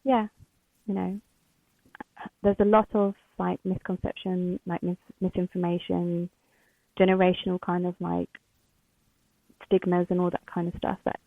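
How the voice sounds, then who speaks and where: A woman guest speaking candidly and emotionally, halting often with fillers. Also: lowish voice, level tone, dry recording. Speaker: podcast guest. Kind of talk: candid interview. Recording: tinny phone-like line.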